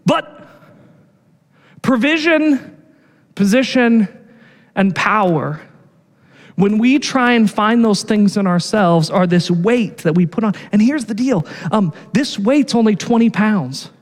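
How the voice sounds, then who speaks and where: A man's voice: high-pitched, expressive, slow pace, long pauses, long reverb tail. A male pastor giving a sermon in a casual, conversational way, often checking in with "right?" and stumbling over repeated words.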